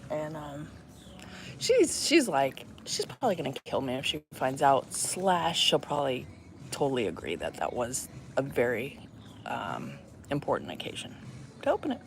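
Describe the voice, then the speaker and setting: Low-voiced woman in her fifties chatting. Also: sing-song, normal speed, creaky. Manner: rambling, chatty storytelling with many fillers. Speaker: vlogger. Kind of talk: casual chat to viewers. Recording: loud cricket noise behind voice. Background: crickets and insects chirping.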